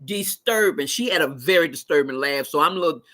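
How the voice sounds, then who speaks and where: Animated, bright-voiced woman streamer. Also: low voice, brisk. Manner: animated storytelling, laughs often; talks back to chat readers. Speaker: live stream host. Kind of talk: casual live-stream chat.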